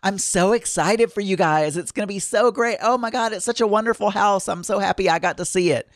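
Bubbly, bouncy lady realtor, high and gushing, done by a man. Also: brisk, dry recording, clean studio sound. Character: bubbly, excitable woman realtor, middle-aged.

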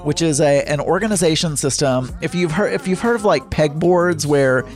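A man's voice: fairly high pitch, normal speed, faint music behind. A man hosting a casual solo show, rambling with frequent restarts and self-corrections. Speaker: podcast host.

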